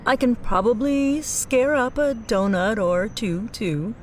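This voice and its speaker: A woman plays a kind shopkeeper who speaks plainly and frankly. Her voice sits slightly high. It is an audio drama role. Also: slow pace, a little hiss or hum. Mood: friendly.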